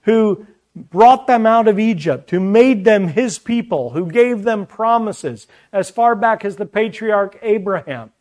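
A man's voice: high voice, animated, unhurried, darkish tone. A man preaching a sermon, teaching earnestly from scripture with chatty asides to the congregation.

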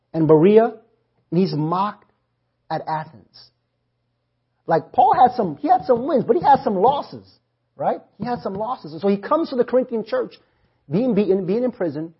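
A man delivers a sermon in a husky, fairly high voice. He works through scripture and keeps pulling the congregation in with questions they answer back. The sound is muffled and lo-fi. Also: very animated, normal speed. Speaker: preacher.

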